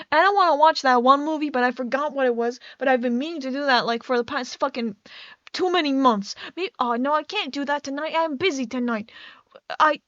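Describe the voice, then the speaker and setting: A woman's voice: high-pitched, a bit bright, dry recording, highs cut off. A young woman, a native Dutch speaker, rambling casually over gameplay, often stumbling and restarting her sentences. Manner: rambling, self-interrupting, frequent stammered restarts. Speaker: gaming YouTuber. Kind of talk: casual rambling commentary while playing.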